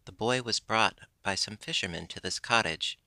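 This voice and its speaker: A little old man warming himself in the sun, voiced by a man reading. He answers plainly in a low, gravelly voice. It has the feel of an old storybook. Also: moderate pace, no room sound. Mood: telling.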